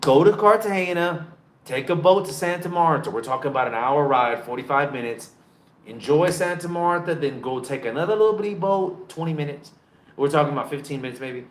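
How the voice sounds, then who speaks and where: An American man telling travel stories to camera in a loud, profane, animated way, recorded on a phone in a dim room. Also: reverberant. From United States. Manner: loud, profane and animated, with big pitch jumps. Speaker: travel vlogger. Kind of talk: casual storytelling to camera.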